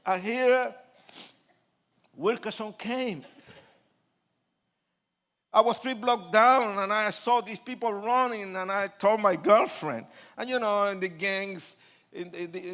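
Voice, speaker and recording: Animated older man preaching a testimony. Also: high voice, slow. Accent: Puerto Rican Spanish. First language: Spanish. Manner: animated, acts out quotes, laughs, shifts from soft to shouting. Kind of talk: sermon testimony storytelling.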